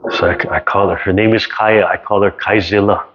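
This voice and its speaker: A low-voiced man who teaches tai chi, moving between relaxed storytelling and calm, slow exercise cues. He checks in often with the class and keeps a patient, even delivery. The audio comes through a dull, lo-fi video call. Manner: calm, unhurried cueing with many "right?" checks.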